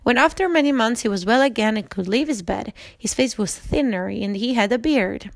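A woman's voice: fairly high pitch, lively intonation, moderate pace, gravelly, no room sound. Woman reading a story with small slips. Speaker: narrator.

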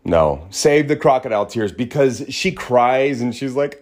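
A man hosting a podcast in a small studio, talking in an animated, ranting way that drops to low mutters. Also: normal speed, few pauses. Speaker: podcast host. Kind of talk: casual ranting monologue.

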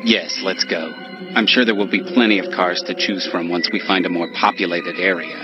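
An actor voicing a cold, smug young android who speaks calmly and mockingly in a dubbed anime scene. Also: male voice, deep voice, normal speed, natural voice. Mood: casual. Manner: calm, detached, mocking. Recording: dull clip with loud music.

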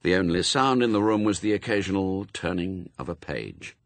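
A man narrating a novel in a wry, expressive storytelling manner, recorded close and dry. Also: sits low, moderate pace, no room sound. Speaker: audiobook narrator. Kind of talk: scripted narration.

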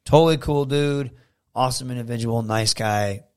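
A man from Michigan, a professional wrestler guesting on a podcast, telling animated stories in casual chat and acting out the dialogue. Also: medium pitch, normal speed, clean tone. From Michigan, USA. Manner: animated storyteller, acts out quoted dialogue.

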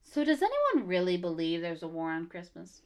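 Sarcastic woman with a lively voice. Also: on the low side, normal speed. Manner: sarcastic and blunt. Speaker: podcast co-host. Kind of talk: casual chat, reading from notes.

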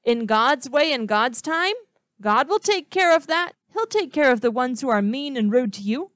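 Higher-voiced woman giving a children's Bible lesson; gentle questions, dry close sound. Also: animated, no echo. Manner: asks the listener questions, slow and gentle.

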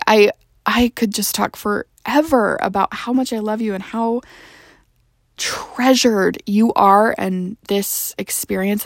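A young mother hosting her own podcast, speaking tenderly and gushing with plenty of ums, sometimes dropping into soft whispers. Her voice has a light gravelly fry. The recording is dry and close, with no room sound. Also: on the high side, no echo. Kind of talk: heartfelt personal monologue.

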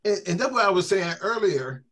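A man's voice: high-pitched, lively intonation, fairly quick, a bit bright. A man who is a church elder, explaining scripture step by step in a Bible study discussion.

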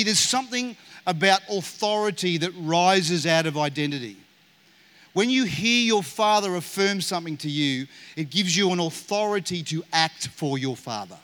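A man's voice: high voice, a bit bright. A man preaching a sermon as pastor, earnest and acting out short quoted dialogue.

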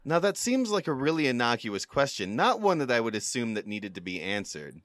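Animated man swearing in a dry, close recording. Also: mid-range voice, brisk, no room sound. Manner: animated, swears when frustrated. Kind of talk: casual comedic chat.

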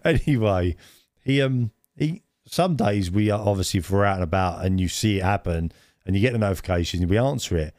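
A man with a fairly low voice chats casually on a podcast, wandering through his stories with frequent laughter. The sound is close and dry. He talks in a relaxed, meandering way. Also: a little fast, no echo. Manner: rambling storyteller who laughs often. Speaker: podcast co-host.

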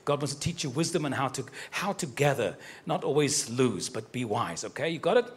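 A man's voice: mid-range voice, expressive, a little fast, breathy edge. A man preaching live and giving personal prophecies, speaking straight to people in the congregation in a fervent, affectionate way, joking and laughing as he goes. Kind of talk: live prophetic sermon addressing individuals in the congregation.

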